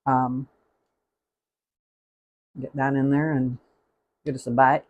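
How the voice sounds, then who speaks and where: A man's voice: medium pitch, little pitch movement, takes it slowly, a little mellow, highs cut off. A man hosting a live cooking stream, chatting casually and rambling as he tastes the food. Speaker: cooking show host.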